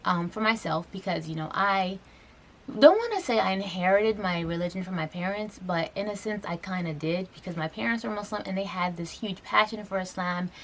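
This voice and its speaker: Earnest young woman with a gravelly voice. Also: mid-range voice, expressive, fairly quick. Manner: earnest, rambling, many fillers and restarts. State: tearful, getting emotional. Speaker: vlogger. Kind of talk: personal vlog talk to camera. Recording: faint background noise.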